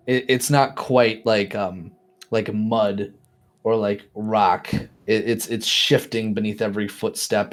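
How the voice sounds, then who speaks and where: Man game master, fairly low voice, halting, filler-heavy narration. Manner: halting, many fillers and restarts.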